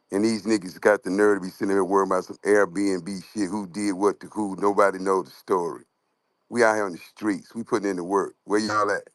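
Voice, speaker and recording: A man's voice: sits low, dry recording. A man speaking in a live audio chat, supportive and streetwise.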